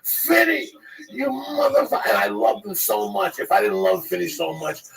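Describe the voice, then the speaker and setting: A man telling a profane, animated comedy story and acting out the voices of the people in it, as if on a podcast. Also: high-pitched, vocal fry, far from the mic, rough recording. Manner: profane, rapid, acts out the voices.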